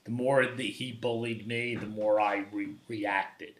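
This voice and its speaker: A man, a guest telling personal stories in an animated, conversational way. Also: lowish voice, measured pace. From Brooklyn, New York. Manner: animated anecdotal storyteller, acts out quoted voices. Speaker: guest, documentary photographer. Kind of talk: conversational storytelling. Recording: roomy echo.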